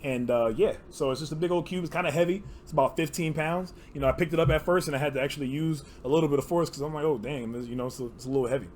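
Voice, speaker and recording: A man's voice: a little high, fast, hardly any pauses, darkish tone, a little hiss or hum. A young man recording a casual to-camera vlog, rambling and heartfelt with many fillers, teary and emotional. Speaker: card game player and channel host.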